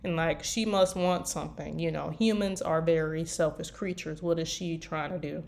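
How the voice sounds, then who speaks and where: A woman's voice: low voice, fairly even intonation, normal speed, vocal fry, a little mellow. A tired woman chatting casually about writing her fanfiction, rambling with lots of fillers. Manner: rambling, meandering with many fillers. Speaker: fanfiction writer. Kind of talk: casual chat.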